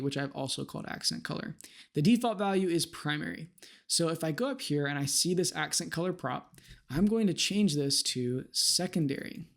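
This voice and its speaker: A man giving a casual screen-share tutorial on web design, explaining step by step and thinking aloud with fillers. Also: a little high.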